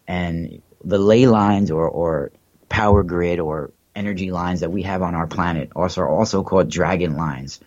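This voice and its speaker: A man's voice: low voice, a little mellow, no echo, highs cut off. A man hosting a livestream, talking in a rambling, hesitant way with many fillers and restarts. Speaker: livestream host. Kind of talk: casual livestream monologue.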